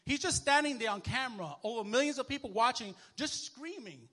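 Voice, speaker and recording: In church, a male minister preaches a sermon in a relaxed, conversational manner, erupting into lively bursts as he works the room. His high voice is bright and forceful, his pace brisk, and he uses sports illustrations and call-and-response, repeatedly throwing questions back to the congregation.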